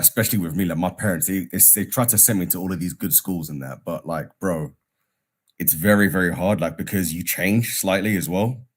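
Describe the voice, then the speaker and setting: A man's voice: sits low, husky. A young British man calling in to a live show, talking in a rambling way with lots of "like". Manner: rambling, many "like" fillers. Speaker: caller. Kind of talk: casual call-in chat.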